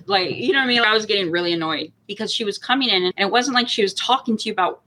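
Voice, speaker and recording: A woman co-host recounts a story in loose, casual conversation. Her voice sits at an ordinary middle pitch, and she laughs often and slips into quoting others as she goes. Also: rapid-fire, hardly any pauses, a little hiss or hum, rough recording. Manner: animated storyteller, laughing often, acts out quotes. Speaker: podcast co-host. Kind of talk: casual chat.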